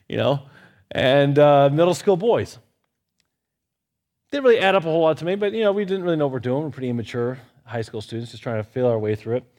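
A man's voice: a little high, darkish tone. A man leading a church Bible study in a conversational teaching style, mixing lighthearted personal stories with Scripture. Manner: anecdotal, lightly humorous.

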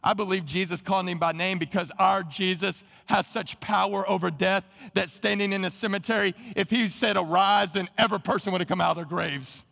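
A man preaching a sermon to his church, animated and calling on the congregation to answer. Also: sits high, fairly quick, gravelly, few pauses, in a large hall. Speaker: pastor. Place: church sanctuary.

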